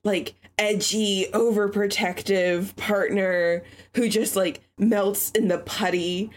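A woman co-hosting a podcast in casual chat, giggly and halting. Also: mid-range voice, steady tone. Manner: giggly, halting, lots of fillers. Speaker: podcast co-host.

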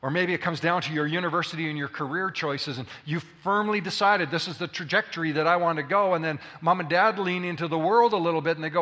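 A man preaching a sermon to a congregation, lively and full of questions to the room. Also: on the high side, fast, hardly any pauses. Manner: animated, addresses the congregation with questions. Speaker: pastor. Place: church hall. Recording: hall reverb.

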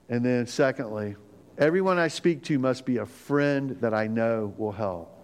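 A middle-aged man preaching a sermon as pastor, conversational and animated, acting out quotes as he goes. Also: mid-range voice, normal speed.

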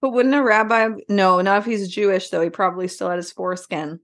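A woman's voice: mid-range voice, steady tone, fairly quick, fairly bright tone. A woman co-hosting a casual podcast, loose and wisecracking, laughing as she reads her notes. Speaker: podcast co-host.

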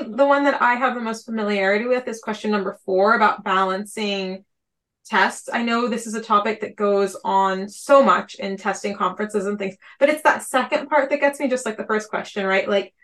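A woman's voice: on the high side, a bit bright. A woman speaking as a podcast panelist in a casual discussion, chatty and rambling with frequent fillers.

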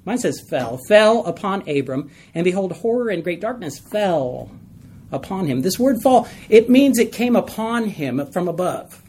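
Man teaching a lively Bible study. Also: high voice, moderate pace, slightly rough. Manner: conversational, asks the group questions, tells stories with laughs.

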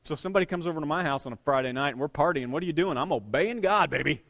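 A man preaching a sermon as a pastor, swinging between hushed, intimate lines and loud, excited bursts. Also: fairly high pitch, very fast.

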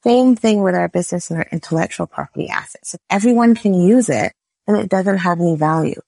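Gravelly low-voiced woman lawyer. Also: brisk, mellow, no room sound. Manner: explains with everyday analogies, frequent "right?". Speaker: business lawyer guest. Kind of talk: podcast interview.

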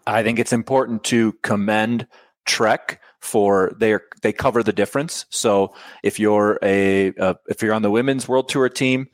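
Man, interview guest, measured, factual, lowish pitch, dry recording. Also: steady tone, dry recording. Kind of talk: casual interview.

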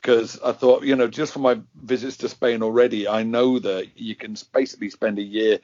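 A middle-aged man hosting a podcast, chatting in a casual, self-deprecating way with brisk asides, on dry, muffled lo-fi audio. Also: mid-range voice, fairly even intonation, darkish tone, dry recording. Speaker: podcast host. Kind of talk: casual conversation.

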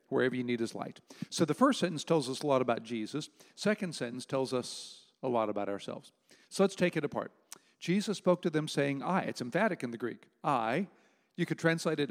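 A man preaching a sermon, emphatic, with dramatic pauses on key words. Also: a little high, long reverb tail. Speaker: pastor.

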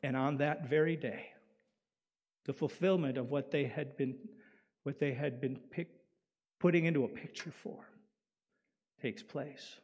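A male pastor preaching a sermon in an animated way, swinging from loud emphasis down to quiet. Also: medium pitch, a little slow, pauses often, breathy edge, lo-fi sound. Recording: long hall reverb.

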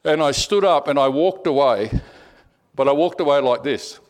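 A middle-aged man preaching a sermon, telling personal stories in an animated way, repeating words and dropping to a hush. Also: fairly high pitch, moderate pace.

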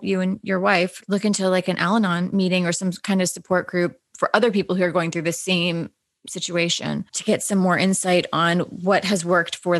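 Bright, dry-voiced chatty woman host. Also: fairly low pitch, vocal fry, no room sound. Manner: chatty, giggly, animated. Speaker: podcast co-host. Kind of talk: casual advice podcast chat.

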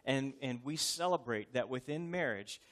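A man's voice: mid-range voice, expressive, moderate pace, fairly bright tone. A man in his thirties, a pastor, preaching a sermon in a conversational, joking yet earnest way.

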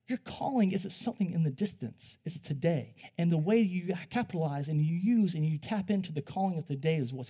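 A young man giving a conversational sermon, animated and joking, often restarting his sentences. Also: fairly high pitch, husky. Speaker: preacher.

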